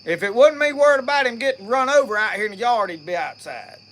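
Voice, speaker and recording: A man's voice: extremely high pitch, expressive, fast talker, fairly bright tone, slight background noise. A middle-aged man with a Mississippi accent, hosting an outdoors live stream and chatting with viewers in a rambling, folksy way. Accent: Southern US, Mississippi. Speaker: outdoors channel host. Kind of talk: casual live-stream chat. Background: faint crickets and insects.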